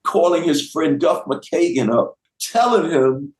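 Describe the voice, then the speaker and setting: A guest rapper in his fifties tells a lively anecdote in an unhurried, sing-song voice that sits on the high side. He peppers it with slang and acts out quoted voices, all captured with a roomy echo.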